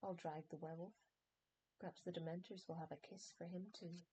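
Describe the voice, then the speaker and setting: A woman's voice: fairly low pitch, fairly even intonation, a little fast, dark tone, a little hiss or hum, close to an everyday voice, poor audio. A woman voicing a cold, vengeful male potions professor in an audiobook reading, sneering and menacing.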